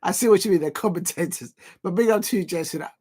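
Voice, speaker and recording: Brief: male stream host, fairly high voice, rambling self-deprecating live match commentary. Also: darkish tone, slight background noise. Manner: chatty and rambling, self-deprecating, with frequent filler pauses. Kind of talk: casual live snooker commentary.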